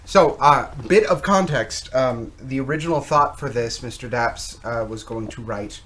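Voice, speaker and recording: A man's voice: mid-range voice, measured pace, fairly bright tone. A man co-hosting a podcast in casual chat, jokey and playful, with frequent fillers. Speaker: podcast co-host. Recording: faint background noise.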